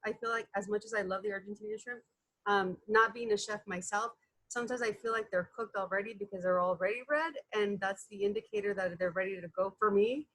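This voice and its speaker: A woman's voice: medium pitch, fairly quick, a bit bright, low-quality recording. A woman interviewing a chef in an easygoing cooking segment, talking things through.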